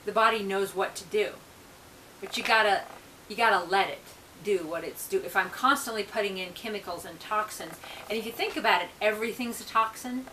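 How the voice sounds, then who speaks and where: A woman's voice: mid-range voice, fairly quick, pushed and bright, slight background noise, poor audio. A woman, a reverend, talking in a loose, rambling monologue full of ums and restarts. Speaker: reverend vlogger.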